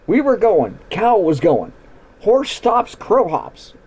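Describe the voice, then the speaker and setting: A man voicing a calm, wry ranch woman, speaking in a measured, reflective way. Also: sits high, slightly rough, pitched above the performer's own voice, full character voice.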